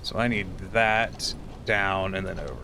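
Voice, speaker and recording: A man's voice: low voice, measured pace, pushed and bright, slight background noise. A man streaming live, chatting casually and teasingly with his viewers while tired and rambling.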